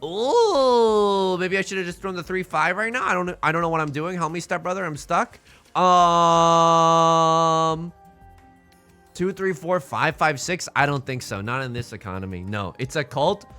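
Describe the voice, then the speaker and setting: A man's voice: fairly high pitch, a little fast, hardly any pauses, sharp tone, faint music behind. A young man streaming a mahjong game, rambling and joking in casual asides to his chat. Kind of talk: casual live-stream chatter while playing mahjong.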